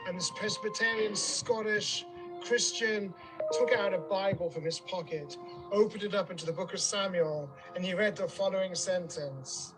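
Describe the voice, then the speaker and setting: A man with a high voice narrates a vivid, dramatic story while guiding a tour. He speaks outdoors on a hillside. Clear music runs underneath his voice. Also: normal speed, low-quality recording. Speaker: tour guide. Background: background music.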